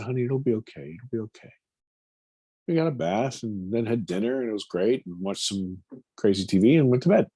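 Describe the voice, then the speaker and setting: A man in his fifties, a film producer, earnestly recounting a personal story in an interview, halting and repeating words as he goes. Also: fairly low pitch, dark tone, slightly rough, dry recording.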